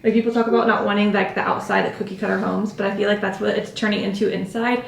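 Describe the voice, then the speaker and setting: A woman's voice: medium pitch, steady tone, quick pace, vocal fry, echoey room, slight background noise. Chatty young woman vlogging at home. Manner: rambling, filler-heavy, self-interrupting. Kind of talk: chatty vlog talking to camera. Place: home, indoors, doing makeup.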